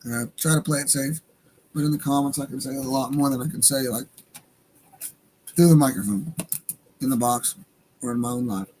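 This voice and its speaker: A man's voice: medium pitch, moderate pace, pauses often, mellow, slight background noise, poor audio. A Native American man hosting a livestream radio show, talking casually in a rambling, profane way and laughing at his own jokes.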